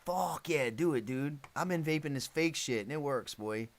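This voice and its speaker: A man's voice: fairly high pitch, lively intonation, normal speed. A man hosting a casual live stream, rambling, swearing freely and laughing often. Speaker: livestream host.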